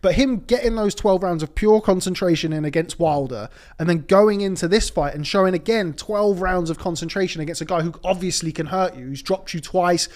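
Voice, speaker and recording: A man's voice: sits high, fairly quick, few pauses, darkish tone. A man on a boxing panel, making analytical points in long run-on sentences during a casual chat.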